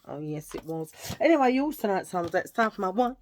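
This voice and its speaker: A middle-aged woman chatting casually to camera as a vlogger, playful and prone to hushed asides. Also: medium pitch, very animated, fast, hardly any pauses, no echo.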